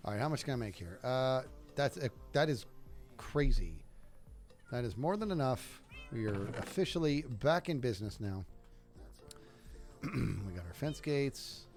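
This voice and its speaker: A man's voice: medium pitch, sing-song, a little slow, pauses often, darkish tone, soft background music. A man chatting casually to his viewers while playing a game, rambling to himself with jokey asides. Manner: rambling, self-talking, jokey asides to chat. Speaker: streamer. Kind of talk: casual gameplay livestream chat.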